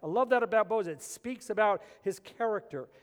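A man preaching a sermon as pastor, telling stories with animated humor. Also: high-pitched, moderate pace. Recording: long reverb of a large hall.

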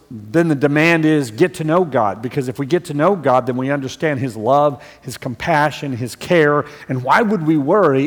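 A man's voice: a little high, in a large hall. A man preaching a sermon in an earnest voice that rises to emphatic stresses on key points.

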